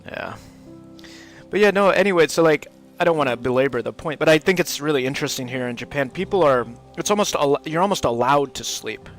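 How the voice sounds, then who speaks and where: A man's voice: fairly high pitch, lively intonation, brisk, faint music behind. A man chatting casually while he hosts a game livestream, rambling and laughing often. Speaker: livestream host, English teacher. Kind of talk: casual chat while gaming.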